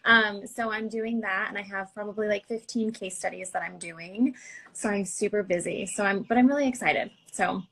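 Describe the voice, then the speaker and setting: A young woman talks as an interview guest, loose and chatty, leaning on "like" and dropping into other people's voices when she quotes them. Her tone is bright and clear, with a gravelly edge of vocal fry running under it. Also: medium pitch, normal speed, low-quality recording. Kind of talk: casual conversational storytelling.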